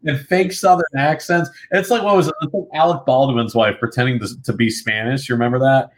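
A man's voice: mid-range voice, fairly even intonation, fairly quick. A man with a mid-range voice co-hosting a casual sports podcast. He talks bluntly and conversationally and drops the odd curse. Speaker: podcast co-host.

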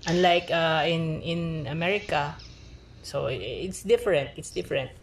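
A woman's voice: deep voice, normal speed, creaky, slight background noise. A young Filipino woman with a Filipino accent, a guest in a casual chat, hesitant and searching for words. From Philippines.

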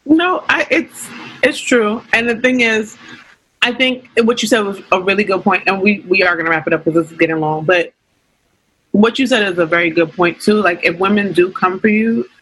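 A young woman, talking in a relaxed conversation. Her voice is bright and a little husky. She tells a candid story and slips into the voices of the people she quotes. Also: medium pitch, normal speed, poor audio. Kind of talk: casual chat.

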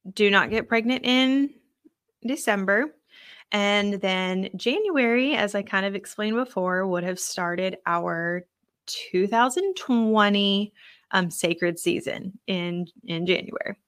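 A woman's voice: mid-range voice, fairly bright tone, clean tone, no echo, clean studio sound. A young adult woman hosting a podcast alone, telling a personal faith testimony in an earnest, conversational way with lots of fillers. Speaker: podcast host.

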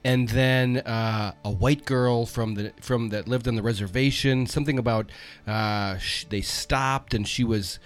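A man's voice: medium pitch, steady tone, a little slow. A man co-hosting a casual chat about TV, rambling and searching for words as he talks.

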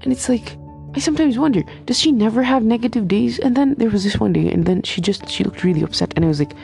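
A medical student in her twenties rambles through a story in a casual vlog, emphatic and quick, stumbling over fillers and restarting sentences. Her voice sits on the high side and is animated, yet dark and mellow with a gravelly fry, over faint background music.

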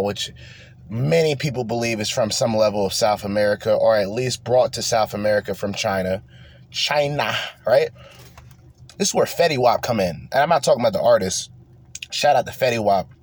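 A young man from New Jersey, hosting a podcast, delivers a rambling, profane and heated political rant in a casual tone. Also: medium pitch. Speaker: podcast host.

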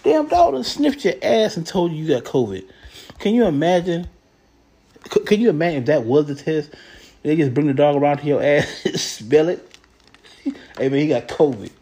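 A man hosting a show, giving casual, comedic commentary on news stories in a blunt, profane, animated way. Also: fairly high pitch, moderate pace.

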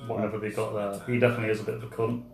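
A man's voice: lowish voice, flat delivery, very fast, roomy sound. A man co-hosting a casual podcast chat, blunt and teasing, who swears freely. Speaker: podcast co-host.

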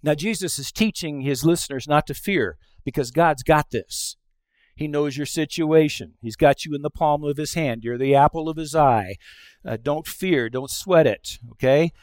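A middle-aged male pastor delivering a conversational sermon, telling stories and acting out quoted lines, moving between hushed asides and loud exclamations. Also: fairly high pitch, moderate pace, no room sound, studio quality. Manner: conversational storytelling with acted-out quotes.

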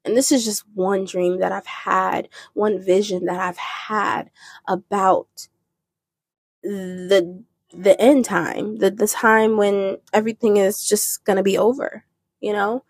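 A woman's voice: medium pitch, fairly even intonation, slow pace, breathy edge, no echo. A woman hosting a podcast, telling a personal faith testimony in an earnest, rambling way with restarts. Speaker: podcast host.

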